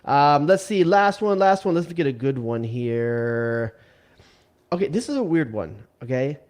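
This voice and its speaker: Wry co-host with a lively voice. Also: male voice, a little high, measured pace. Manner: wry, deadpan quips, quizzing. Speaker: podcast co-host. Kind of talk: casual sports chat.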